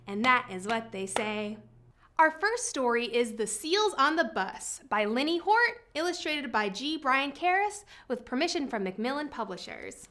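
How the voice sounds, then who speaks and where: A woman's voice: a little high, lively intonation, unhurried, pushed and bright, a little hiss or hum. A woman librarian leading a preschool story time, singing along cheerfully with the kids.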